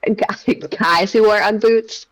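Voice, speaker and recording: A woman in her thirties co-hosting a casual chat stream, chatty and giggly, with quick asides. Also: mid-range voice, fairly even intonation, low-quality recording. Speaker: streamer co-host.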